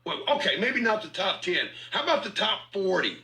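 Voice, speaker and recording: Man, confrontational online ranter, taunting and profane; high, piercing voice. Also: big pitch swings, brisk, sharp tone, low-quality recording. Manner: taunting, mocking, profane, repeats himself. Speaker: online commentator in a feud. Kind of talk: confrontational rant.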